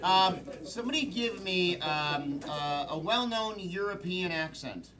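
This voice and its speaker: A man's voice: high voice, animated, measured pace. A man hosting a live improv comedy show, taking suggestions from the audience with many ums. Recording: live show with crowd laughter.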